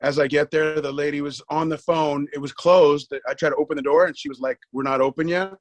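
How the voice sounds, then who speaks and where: Animated man telling a story, dry sound. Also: fairly high pitch, brisk, no echo. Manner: animated storyteller, acts out dialogue, repeats words when excited. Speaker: podcast guest. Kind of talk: casual storytelling interview.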